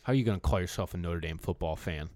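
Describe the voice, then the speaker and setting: A man's voice: low-pitched, fast, a little mellow, dry recording. A man co-hosting a casual sports chat, teasing the others in a dry, mock-disgusted way. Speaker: podcast co-host.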